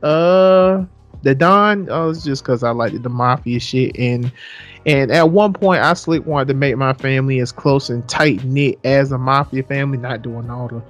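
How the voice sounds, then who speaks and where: A man's voice: medium pitch, normal speed, soft background music. A young man co-hosting a podcast, chatting casually with a lot of rambling and "so yeah" repeats, swearing freely. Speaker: podcast co-host. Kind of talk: casual chat.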